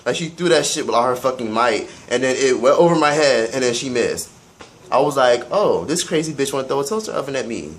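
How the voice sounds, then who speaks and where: A young man telling a storytime vlog in a casual, profane, animated way. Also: fairly high pitch. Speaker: vlogger.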